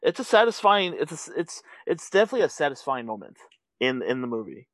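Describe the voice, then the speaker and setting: A man's voice: mid-range voice, sing-song, no echo. A man co-hosting a podcast, talking about films casually with enthusiasm and frequent laughter. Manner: laughing, enthusiastic, quick agreement. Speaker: podcast co-host. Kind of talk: casual film discussion.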